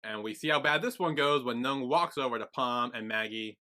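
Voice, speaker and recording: A man co-hosting a podcast, recapping in a casual, lively way and acting out characters' lines as he goes. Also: medium pitch, brisk. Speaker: podcast co-host.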